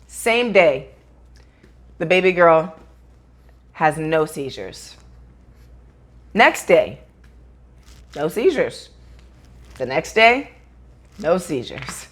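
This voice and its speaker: Tearful woman vlogger talking to camera. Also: low-pitched. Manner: earnest, near tears, swears casually. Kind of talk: emotional talk to camera.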